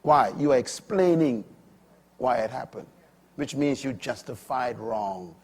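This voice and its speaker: An older man preaching a sermon, swinging between loud, high emphatic bursts and low, quiet asides. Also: lively intonation, a little slow, husky.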